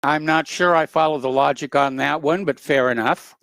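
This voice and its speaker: A man hosting a call-in radio show, dry, brisk and patient with callers. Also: on the high side, fairly even intonation, fairly bright tone, no echo. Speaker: radio host.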